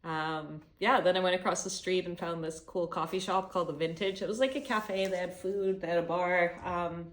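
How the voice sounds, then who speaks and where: A woman's voice: on the low side, steady tone, moderate pace, hardly any pauses. A young woman from Canada telling a travel story in a chatty vlog, swearing freely and acting out what people said. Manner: chatty, swears freely, retells dialogue animatedly. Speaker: travel vlogger.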